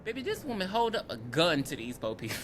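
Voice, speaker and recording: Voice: mid-range voice, quick pace, noisy background. A podcast co-host casually recapping a film, acting out the characters' lines and swearing freely. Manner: animated, acts out characters' lines; swears freely, calls listeners baby. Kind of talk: casual movie recap chat.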